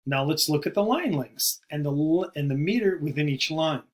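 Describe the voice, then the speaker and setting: A man giving a recorded poetry lesson, explaining terms in a measured way and slowing down to stress key words. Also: fairly high pitch, expressive. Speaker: poetry teacher. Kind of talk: recorded video lecture.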